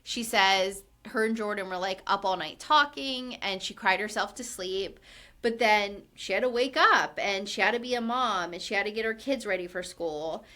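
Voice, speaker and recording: A woman's voice: mid-range voice, moderate pace, sharp tone. A woman co-hosting a podcast, recapping a reality show in casual chat, with lots of "like" and acted-out quotes. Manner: chatty, fillers of "like", acts out quotes with rising exasperation.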